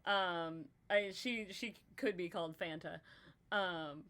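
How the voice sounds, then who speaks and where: A woman's voice: lowish voice, takes it slowly, crowd noise. A woman co-hosting a casual brainstorming chat, rambling with lots of "like" and breaking into giggles. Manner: giggly, rambling, heavy "like" filler. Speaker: podcast co-host.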